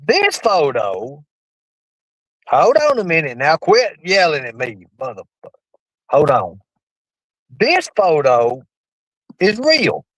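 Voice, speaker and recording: A man streaming live, rambling and swearing. His pitch swings widely, leaping up suddenly before dropping back. The voice sounds dry and close, with no room echo. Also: huge pitch swings, takes it slowly, pauses often. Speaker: livestream host. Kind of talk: profane rambling livestream chat.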